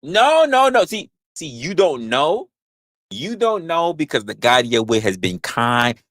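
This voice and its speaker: A man's voice: mid-range voice, big pitch swings, measured pace, a bit bright, dry recording. A man hosting a livestream in casual chat, rambling, crude and joking, repeating his phrases into a close mic. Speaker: livestream host.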